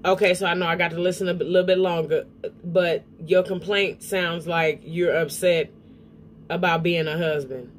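A woman giving blunt, profane reaction commentary on a clip, with a mellow tone. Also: fairly low pitch, fairly even intonation, moderate pace, a little hiss or hum.

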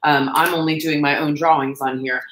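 A woman's voice: deep voice, fairly even intonation, normal speed, fairly bright tone, reverberant, slight background noise, rough recording. A woman chatting casually and rambling to viewers while she crafts on a livestream. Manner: chatty, rambling, self-deprecating, talks to viewers and pets.

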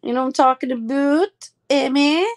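A somewhat high-voiced woman runs a casual live stream and chats warmly with friends as they join. She talks in a loose, affectionate way and laughs often between lines. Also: moderate pace.

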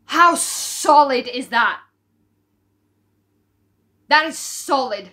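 A woman's voice: sits high, lively intonation, extremely slow, bright, forceful tone. A woman hosting a music reaction video, talking casually in an emotional, outspoken way and swearing freely.

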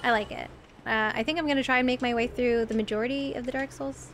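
A woman game streamer gives live gameplay commentary, chatting with viewers in chat as she plays and shrieking when enemies jump out. Her voice is fairly high and fairly bright with a steady tone, she talks fast, and there is slight background noise.

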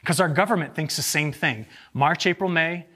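A man presents weather forecasts to farmers in an animated, joking conference talk. His voice sits somewhat high and has a husky edge. He keeps the audience engaged with quick rhetorical questions. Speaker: agricultural meteorologist presenting to farmers.

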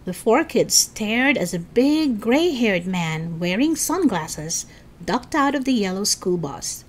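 A woman reading a children's book aloud as storyteller, with expressive narration. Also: mid-range voice, slow pace.

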